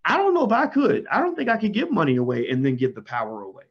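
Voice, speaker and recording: A man with a fairly high, husky voice delivers a fiery monologue. He talks emphatically and keeps leaping into loud, high bursts. The recording sounds dull and lo-fi. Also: expressive, fast talker. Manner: emphatic, swings into sudden loud highs. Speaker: commentator. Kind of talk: impassioned monologue.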